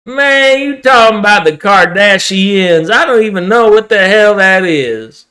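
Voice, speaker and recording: A man voicing a stubborn, drawling rural working-class man who talks slowly and dismissively. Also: high voice, expressive, bright, forceful tone, heavily acted. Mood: scoffing, stubborn. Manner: folksy dismissive drawl, slow.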